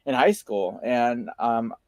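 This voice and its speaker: A man from California chatting casually, hesitant and unhurried, with frequent fillers as he tells a story. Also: medium pitch, a little mellow, no echo. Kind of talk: casual chat.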